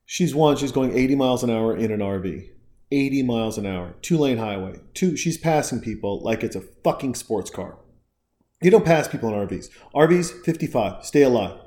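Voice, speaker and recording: A man's voice: medium pitch, animated, normal speed, warm tone. Fired-up, profane man ranting on a podcast. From United States. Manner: profane, fired-up, rambling with many restarts. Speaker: podcast host. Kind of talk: casual ranting monologue.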